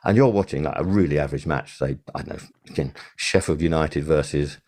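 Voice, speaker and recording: An older man spins rambling stories in a relaxed podcast interview, stopping often for fillers and restarts. His voice sits low. The tone is dark and mellow. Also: fairly quick. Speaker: podcast guest, sound supervisor. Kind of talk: casual interview.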